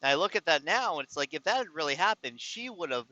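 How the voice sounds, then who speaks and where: A man's voice: medium pitch, animated, a little fast, pushed and bright, no room sound, rough recording. A man telling a personal story to his viewers in a casual, rambling way, often exasperated and restarting his sentences. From California. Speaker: vlogger.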